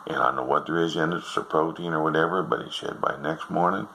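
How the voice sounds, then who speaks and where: An older man with a bass voice tells jokes in a folksy, rambling way, drifting into asides as he goes. He speaks fast in a steady, gravelly, sharp tone, and the recording is rough.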